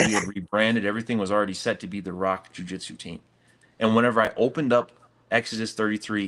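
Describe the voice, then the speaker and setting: Earnest middle-aged guy telling his gym story, low voice, says dude a lot. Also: fairly bright tone. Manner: earnest, casual with "dude" and "man". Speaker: gym owner. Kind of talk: interview storytelling.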